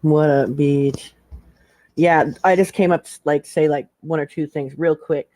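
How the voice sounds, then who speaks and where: A woman's voice: sits low, steady tone, measured pace, warm tone, no echo. Chatty woman, slangy and dry-sounding. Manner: chatty, slangy, lots of "like" and "hella". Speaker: panel guest. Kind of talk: casual live-stream chat.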